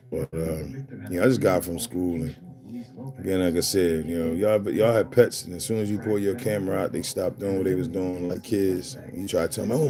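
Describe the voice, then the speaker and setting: A young man from Philadelphia with a Philly accent, rambling casually and talking straight to viewers on his livestream. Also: sits low. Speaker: livestream host.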